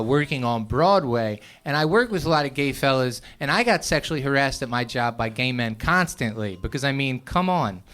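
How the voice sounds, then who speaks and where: A young man doing a stand-up set in a comedy club, telling stories with animated voices and sudden loud outbursts. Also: fairly high pitch, clean tone.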